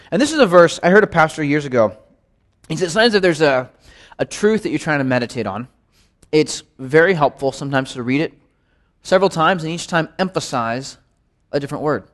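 A man teaching a midweek Bible study in a relaxed, conversational way, often repeating words to stress a point. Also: fairly high pitch, moderate pace. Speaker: pastor.

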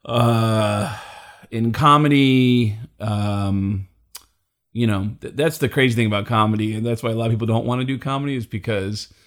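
A man's voice: lowish voice, moderate pace. A male stand-up comedian telling a story in casual chat, acting out the quotes and swearing freely.

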